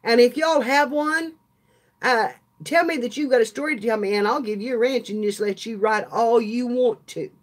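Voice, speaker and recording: An older woman who runs a craft channel hosts a casual live stream, chatting with her viewers and laughing often. Her voice is slightly high and she speaks at a normal speed.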